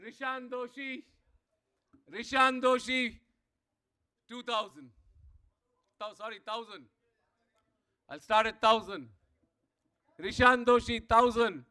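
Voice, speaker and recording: A man working as auctioneer at a live player auction, calling out bids again and again and pushing the room for more. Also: very high-pitched. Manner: rapid repetitive bid calling, rising to shouts. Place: event hall.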